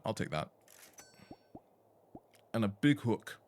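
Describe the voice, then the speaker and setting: A man's voice: lowish voice, sing-song, measured pace, darkish tone, a little hiss or hum. A man streaming a game from home, chatting casually, swearing and reading on-screen text aloud into a desk mic. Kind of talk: live game-stream commentary.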